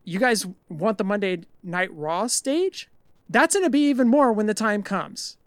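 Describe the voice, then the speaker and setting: A man's voice: high voice, expressive, a little slow, clean tone, no echo, clean studio sound. A man co-hosting a casual podcast, ranting in an exasperated way with some mild swearing. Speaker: podcast co-host.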